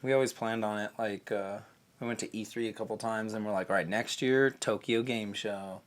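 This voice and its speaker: A man co-hosting a casual gaming podcast, rambling and animated, swearing and slipping into quick voices for the people he quotes. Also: fairly low pitch, no echo. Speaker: podcast co-host. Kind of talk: casual chat.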